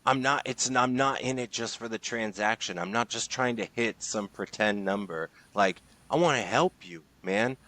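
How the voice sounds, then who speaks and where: A man's voice: on the low side, normal speed, few pauses, a bit bright, no room sound. An enthusiastic man talking in a podcast interview as a guest, emphatic and casual with lots of slang. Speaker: guest, sales leader and author.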